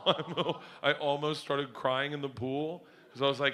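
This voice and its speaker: A middle-aged man performing stand-up comedy on stage, telling loud, rowdy stories and shouting his punchlines. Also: medium pitch, measured pace, a little hiss or hum. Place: comedy stage before a live audience.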